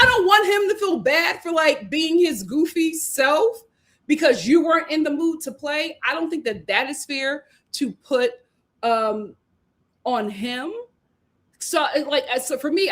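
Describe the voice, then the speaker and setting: A woman hosts a casual recap show. She talks in an animated way, laughs often, and acts out lines from the people she discusses. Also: high voice. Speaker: host.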